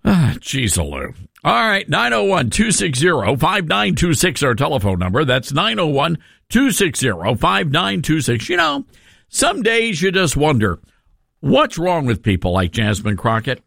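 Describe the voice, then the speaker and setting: A man hosting a talk radio show, animated and sarcastic in his commentary. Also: on the high side, a little slow, gravelly, dry recording, clean studio sound. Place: radio studio.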